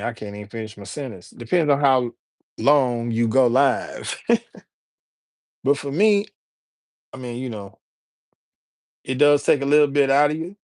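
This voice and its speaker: A man from Alabama talks loosely to his livestream chat, greeting viewers one after another. His voice sits at an ordinary middle pitch. The sound is dry and close, with no room around it. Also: dry recording. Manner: chatty, greets and shouts out viewers by name. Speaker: livestreamer and rapper. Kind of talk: casual live-stream chat.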